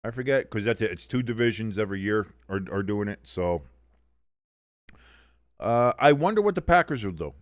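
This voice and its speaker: A man's voice: on the low side, animated, normal speed, pauses often, no room sound. Casting: male streamer-host, rambling and profane, casual game calls, dry close sound. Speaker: watch-along streamer and host. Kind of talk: casual live game commentary.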